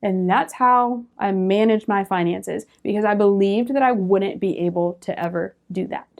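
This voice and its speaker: A young woman telling a personal story as a guest on a faith-based round table, lively, with laughs and quoted voices. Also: medium pitch, moderate pace, vocal fry. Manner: animated storyteller, laughs often, acts out quoted speech.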